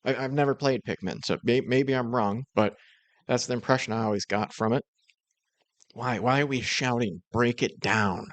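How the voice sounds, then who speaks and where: A man's voice: mid-range voice, normal speed, dry recording. A man giving dry, critical and sarcastic commentary over reaction clips. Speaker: commentary host.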